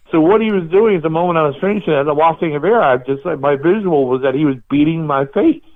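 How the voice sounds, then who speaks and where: A man hosting a podcast, telling animated stories and laughing at himself in casual chat. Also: on the high side, quick pace. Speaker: podcast host. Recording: tinny phone-like line.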